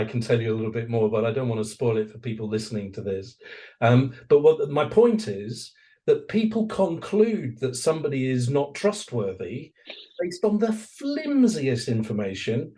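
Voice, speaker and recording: Animated man telling stories as host. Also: medium pitch, normal speed. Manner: animated storyteller, acts out quoted voices. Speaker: podcast host. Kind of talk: conversational interview.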